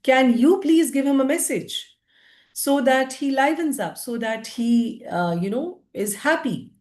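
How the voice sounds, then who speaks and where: A woman's voice: high-pitched, animated, a little slow, darkish tone, voice pushed up. Earnest pleading hunter man as a woman storyteller puts him on, roomy echo. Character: male hunter, pleading and puzzled.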